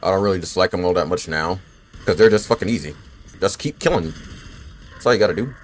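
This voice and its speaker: A man in his twenties with a lowish voice gives laid-back, swear-heavy commentary while he plays a game. He chats loosely with his viewers between fights and is bothered by the hiccups. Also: quick pace, slight background noise. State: has the hiccups. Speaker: gaming streamer. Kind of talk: casual gameplay commentary.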